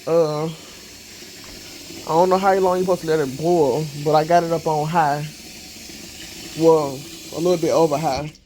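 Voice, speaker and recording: A man vlogging casually from his home kitchen on a handheld phone, thinking out loud as he cooks. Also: a little high, steady tone, measured pace, pauses often, slight background noise. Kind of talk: casual chat while cooking.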